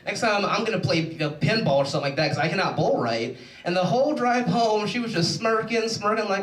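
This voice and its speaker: A young adult man doing a rambling, animated stand-up comedy set on a stage. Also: high voice, fast talker, slight background noise. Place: show stage in a large room. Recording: echoey room, mic from far off.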